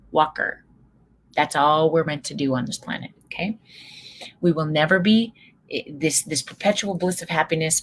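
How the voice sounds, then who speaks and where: A middle-aged woman giving an energetic motivational talk, telling stories and acting out quotes loudly. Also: low voice, slight background noise, low-quality recording. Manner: animated storyteller, acts out quotes loudly. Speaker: speaker leading a workshop.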